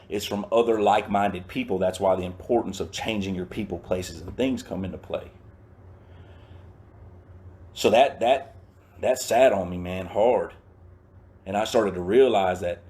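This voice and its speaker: A man's voice: on the low side, a little mellow. A man giving a personal recovery testimony in a casual, slangy, emphatic storytelling way. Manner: emphatic and repetitive.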